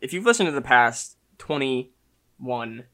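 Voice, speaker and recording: Young male podcast co-host, laid-back, quiet, halting, lots of fillers. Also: medium pitch, big pitch swings. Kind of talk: casual podcast chat.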